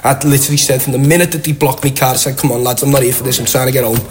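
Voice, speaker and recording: A young man with a Liverpool accent, a guest telling a long, animated anecdote with lots of quoted voices. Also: mid-range voice, racing. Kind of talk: casual storytelling.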